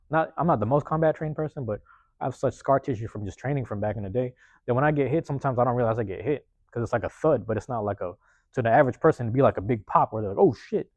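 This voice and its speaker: A man hosting a podcast, telling a personal story in a rapid, profane, casual way and acting out the lines of the people in it. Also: mid-range voice, dry recording. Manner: profane, rapid, animated retelling with acted-out quotes. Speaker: podcast host.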